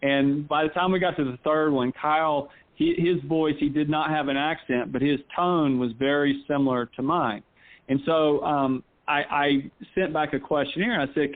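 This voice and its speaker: A man's voice: a little high, steady tone, normal speed. A man from North Carolina, a golf instructor guest chatting casually in an interview and rambling with frequent restarts. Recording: tinny phone line.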